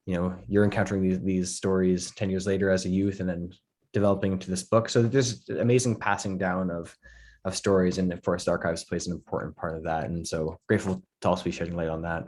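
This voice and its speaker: A man's voice: deep voice, darkish tone. Man hosting an online Q&A. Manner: friendly, with um and uh fillers. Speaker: presentation host. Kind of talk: moderating a Q&A. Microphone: video call.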